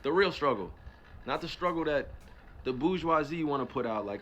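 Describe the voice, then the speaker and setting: A man from New Jersey talking on a livestream, animated and emphatic, asking and answering his own rhetorical questions. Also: fairly high pitch, moderate pace, vocal fry, slight background noise. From New Jersey, USA. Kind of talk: casual livestream chat.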